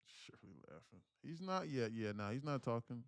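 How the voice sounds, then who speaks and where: A man's voice: mid-range voice, sing-song, moderate pace, vocal fry, smooth, no echo, clean studio sound. A man talking casually to his livestream audience, telling a story animatedly in street slang. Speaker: day trading livestreamer.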